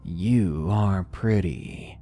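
A man voicing a creepy, leering middle-aged male stranger who talks low and slow. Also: warm tone, soft background music.

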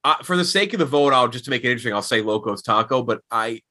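A man hosting a casual podcast chat and running the panel's vote, animated with quick restarts. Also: medium pitch.

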